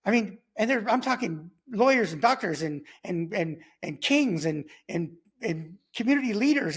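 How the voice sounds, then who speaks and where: A middle-aged man recounts his personal testimony. His voice sits fairly high for a man. He talks in an animated, rambling way, stumbling over restarts and acting out the voices he quotes. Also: moderate pace, hardly any pauses, slightly rough. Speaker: testimony guest.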